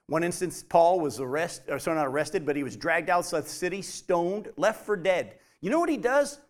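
A man preaching a sermon, shifting between loud emphatic high points and quiet low asides as he reads and explains scripture. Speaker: pastor.

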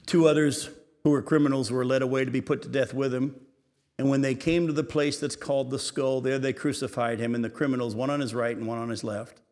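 A man preaching a sermon. He reads scripture aloud, comments on it, and swings between raised and hushed delivery. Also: medium pitch, steady tone, a little fast. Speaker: pastor. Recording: reverberant hall.

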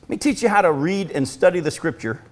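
A male pastor preaching a sermon, swinging from loud emphatic lines to hushed, slow, drawn-out phrases. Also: sits high, expressive.

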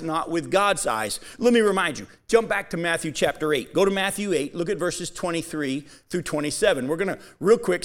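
A man preaching a Bible-teaching sermon, speaking directly to his congregation and reading scripture aloud with slow emphasis. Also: sits high. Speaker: pastor.

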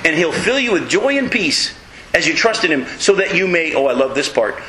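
A man preaching a sermon in a folksy, emphatic way, with self-mocking humor and sudden high leaps in pitch to stress his points. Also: lively intonation, normal speed, bright, forceful tone, reverberant, slight background noise, rough recording. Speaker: pastor.

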